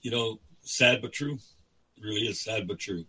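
A man's voice: on the low side, normal speed, bright, forceful tone, husky, rough recording. A man hosting a casual talk show, prompting his guest with questions.

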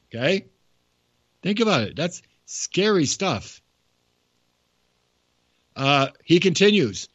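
A man giving casual spoken commentary with a halting, wandering delivery and asides, reading quotes aloud. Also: medium pitch, fairly bright tone, dry recording. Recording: dull, dry lo-fi recording.

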